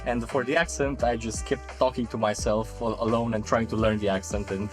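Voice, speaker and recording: Halting man chatting about his game character. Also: medium pitch, fairly even intonation, faint music behind. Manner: halting, many restarts and laughs. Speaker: tabletop game player. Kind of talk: casual panel chat.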